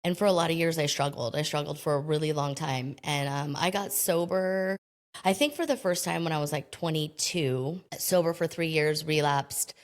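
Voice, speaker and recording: A woman from the United States with a low, grounded voice talks as a podcast guest. She is candid and chatty, with a self-deprecating sense of humor. She slips in quick impressions of other people as she tells her story. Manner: candid and chatty, often acting out quoted voices. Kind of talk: casual interview storytelling.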